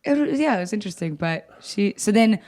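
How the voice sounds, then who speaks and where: A woman's voice: mid-range voice, expressive, fairly quick, a little mellow. A young adult woman comedian telling stories in casual chat, blunt and profane, self-mocking and often laughing. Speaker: comedian guest.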